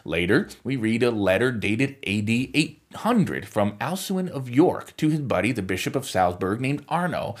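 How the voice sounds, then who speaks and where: A man's voice: mid-range voice, sing-song, moderate pace, few pauses, slightly rough. A man hosting a podcast, delivering scripted commentary with wry, sarcastic asides. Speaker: podcast host.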